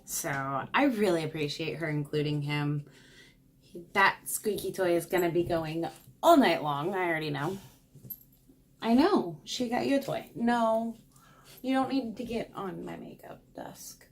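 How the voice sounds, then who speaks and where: A young woman chats in a rambling, casual way as she films a vlog in her bedroom. Her voice sits at a middling pitch, and a faint hiss runs under it. Every so often she breaks off to coo at her dog. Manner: chatty and rambling, talks to her dog in a cooing voice. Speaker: beauty vlogger. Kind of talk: casual unboxing vlog chat.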